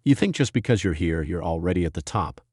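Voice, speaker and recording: A man voicing an arrogant, gruff veteran male wrestler who lectures with a condescending tone. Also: low voice, lively intonation, fast, darkish tone, no echo, clean studio sound.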